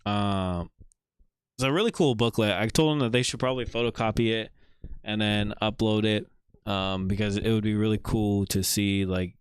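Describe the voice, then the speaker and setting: A man hosting a casual livestream, chatting in a relaxed, rambling way with many fillers while showing viewers' art. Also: on the low side, clear, resonant tone, no echo. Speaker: livestream host.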